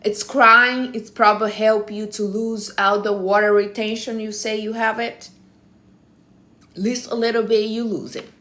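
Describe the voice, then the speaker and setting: A woman's voice: a little high, little pitch movement, measured pace, a bit bright, a little hiss or hum. A woman hosting a casual live stream, giving blunt, teasing advice in non-native English phrasing. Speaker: livestream host.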